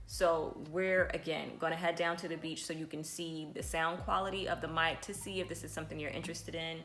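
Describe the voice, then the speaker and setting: A lower-pitched woman talking casually to her viewers, chatty and reassuring as she shows off a small camera. She speaks into a pocket camera's built-in mic, partly outdoors on a windy beach. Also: vocal fry, fairly bright tone. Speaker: vlogger. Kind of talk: casual product vlog. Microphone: handheld pocket camera mic.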